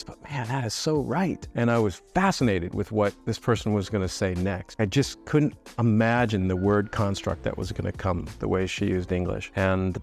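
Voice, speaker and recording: Middle-aged male storyteller, deep voice, candid and self-mocking, casual confessional vlog. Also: creaky, darkish tone. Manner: reflective, candid, self-deprecating with mild swearing. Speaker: artist telling personal stories.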